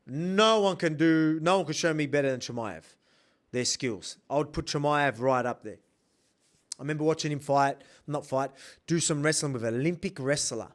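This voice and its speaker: An Australian man in his thirties talks through a fight in a loose, rambling way, hammering his points home with emphasis. His voice sits a little high for a man. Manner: emphatic and rambling, with many restarts. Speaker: professional fighter breaking down a bout. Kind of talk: casual fight analysis.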